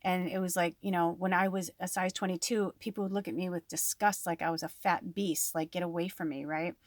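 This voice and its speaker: Woman, low-pitched, card reader, rambling casual chat, dry sound. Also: steady tone, a little fast, dry recording. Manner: chatty and rambling, full of "like" and "you know". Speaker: tarot and oracle card reader. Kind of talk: casual spiritual card reading. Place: home on a farm.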